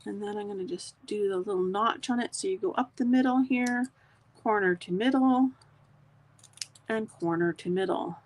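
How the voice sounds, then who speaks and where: A woman's voice: mid-range voice, normal speed. A middle-aged woman, chatting casually with live viewers as she demonstrates a craft project step by step. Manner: chatty, talks to live viewers while working.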